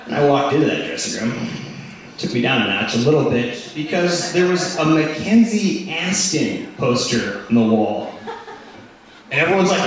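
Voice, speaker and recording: A man's voice: a little high, expressive, moderate pace, fairly bright tone, distant mic. A man doing a stand-up comedy routine, telling rambling stories full of "like" and "you know". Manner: rambling storytelling, lots of "like". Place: comedy club stage. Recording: echoey room, mic heard from afar.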